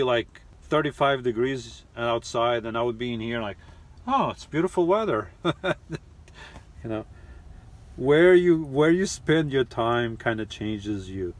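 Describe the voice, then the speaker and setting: A middle-aged man hosting a casual live chat, rambling and halting with lots of restarts and fillers. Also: mid-range voice. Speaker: live stream host reading chat. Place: lives in New York.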